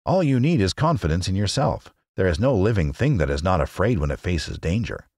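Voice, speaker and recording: A meek little humbug wizard with a low voice and a lively, mild way of explaining, as a man puts him on. The reading is dry and close, in storybook style. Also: fairly quick, dry recording, heavily acted. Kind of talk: audiobook character reading.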